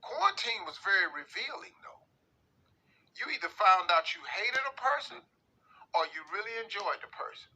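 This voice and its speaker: A man hosting a radio show, giving comedic commentary on a listener's letter in an animated, drawling way full of playful slang. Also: sits high, normal speed, breathy edge, low-quality recording.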